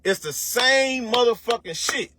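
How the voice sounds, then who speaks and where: Very high-pitched and sharp, with expressive delivery, a man rants in a casual, profane, motivational way as an online commentator. A little hiss or hum runs under the recording, and he preaches through slang, rhetorical questions, and elongated words.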